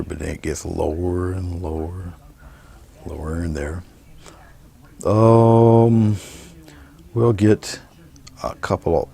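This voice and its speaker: A man giving a painting demonstration, talking through each brushstroke in a relaxed, murmured way. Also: low voice, gravelly. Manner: relaxed, murmured step-by-step commentary while painting. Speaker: painting instructor.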